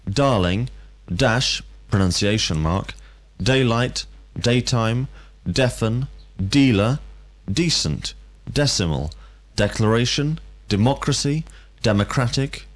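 A man reading a vocabulary list for learners with clear, deliberate enunciation. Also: medium pitch, lively intonation. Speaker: vocabulary reader.

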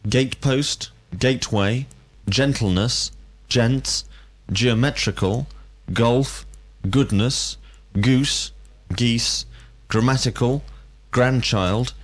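Male reader for a word list, slow and deliberate, clearly spoken. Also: medium pitch. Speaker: vocabulary reader.

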